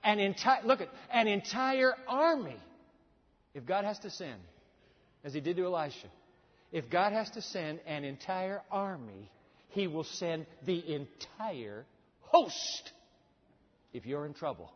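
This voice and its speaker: A male pastor preaching a sermon. His delivery swings dramatically between booming and hushed, and he asks the congregation rhetorical questions. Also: lively intonation, measured pace, pauses often. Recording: long hall reverb, dull sound.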